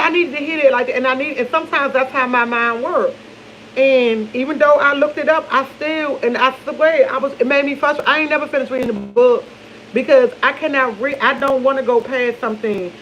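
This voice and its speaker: A woman's voice: high voice, brisk, fairly bright tone, a little hiss or hum. Rambling chatty woman vlogger, lo-fi. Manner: rambling, loses her train of thought, laughs often; loose and chatty, speaks to viewers as y'all. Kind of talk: casual morning chat to camera.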